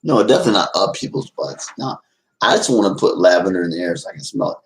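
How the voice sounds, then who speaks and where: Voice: low-pitched, animated, fast talker, low-quality recording. A live-stream host in casual, playful chat with viewers, giggling often and teasing in a folksy way.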